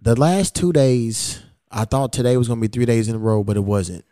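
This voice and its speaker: Brisk and profane, this podcast host animatedly reenacts quoted exchanges while telling a story in casual conversation. His voice is mid-range, and the studio-quality audio has no room sound.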